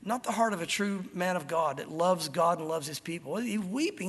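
A man's voice: high voice, lively intonation, normal speed, few pauses, fairly bright tone, breathy edge, long reverb tail. A man preaching an expository sermon, explaining scripture and acting out the biblical characters as he goes. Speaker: pastor.

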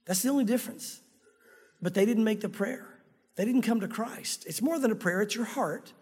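Male pastor, very high voice, earnest sermon delivery with rhetorical questions, reverberant hall. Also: moderate pace, darkish tone, husky. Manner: earnest, speaks directly to listeners with rhetorical questions.

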